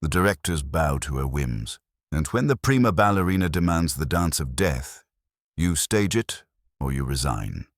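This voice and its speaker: A man's voice: rumbling low, animated, moderate pace, no echo, clean studio sound, exaggerated voice. A man voicing a blunt, cynical ballet woman. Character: bitter proud female ballet choreographer.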